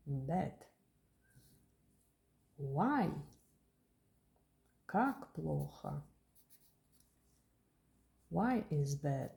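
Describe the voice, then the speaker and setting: Woman, language teacher, very slow delivery, gravelly low voice. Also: animated, warm tone. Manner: slow, careful pronunciation drills with repeated words.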